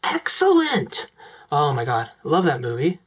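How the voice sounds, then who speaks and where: A young man giving casual, enthusiastic commentary on his film picks, talking quickly with lots of fillers. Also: on the high side. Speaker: vlogger.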